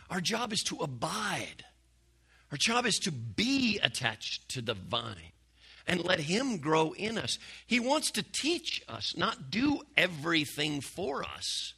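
Gravelly, bright-voiced preacher. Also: male voice, sits high. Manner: folksy, conversational preaching with restarts and dropping to a hush. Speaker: pastor. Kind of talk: sermon.

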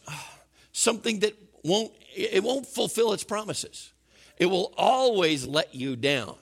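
Animated, gravelly-voiced male pastor. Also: on the high side. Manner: animated, conversational preaching. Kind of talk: sermon.

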